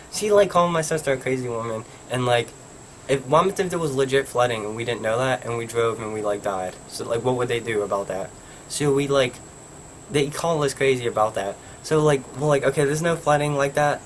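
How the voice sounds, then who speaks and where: This vlogger, a young Pennsylvania man with a mid-range voice, wanders through a story and keeps saying "like." A slight hiss or hum sits under the audio.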